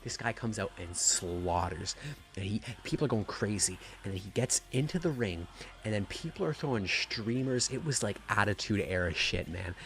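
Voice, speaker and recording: A man with a deep, low-pitched voice rambles through a wrestling review. He talks in an excited, casual way and swears freely. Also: moderate pace, vocal fry. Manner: profane, rambling, gushing.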